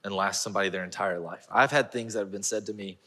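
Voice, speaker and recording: Animated pastor in a reverberant hall. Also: male voice, on the low side, fast. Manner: animated storyteller, laughing at himself. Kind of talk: sermon with personal storytelling. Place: large church auditorium.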